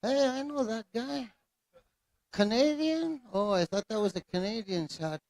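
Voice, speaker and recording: High-voiced man emceeing a pow wow. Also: animated, a little slow, a little mellow. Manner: easygoing and joking, addressing dancers and crowd. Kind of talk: live event announcing over a PA. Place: outdoor pow wow arena.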